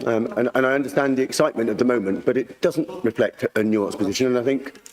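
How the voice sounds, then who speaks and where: A man, a councillor raising a point of order, who speaks in a measured, halting way and repeats words. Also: medium pitch. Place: council chamber.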